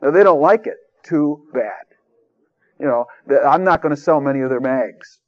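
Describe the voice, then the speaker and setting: A man's voice: medium pitch, moderate pace, a little mellow. A man preaching in a folksy, conversational and emphatic way, in a radio sermon. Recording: dull lo-fi radio recording.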